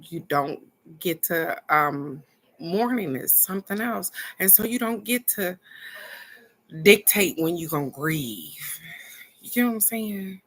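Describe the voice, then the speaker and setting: A woman telling viewers a personal story in a casual, earnest way, pausing to reflect and speaking straight to her audience. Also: lowish voice, expressive, a bit bright. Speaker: spiritual card-reading host.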